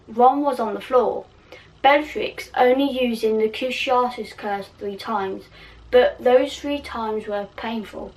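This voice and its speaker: A woman's voice: on the high side, a little slow, distant mic, poor audio. A woman reading her own fan fiction aloud in a casual way, giggling and poking fun at herself, stumbling over words. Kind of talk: casual story reading with asides.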